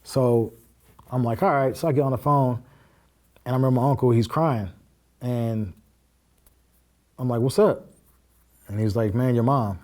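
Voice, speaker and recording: Mellow-voiced man telling a personal story. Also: medium pitch, steady tone, moderate pace, long pauses. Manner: acts out quoted dialogue while recounting events; plain-spoken, with frequent fillers and curse words. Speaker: podcast guest.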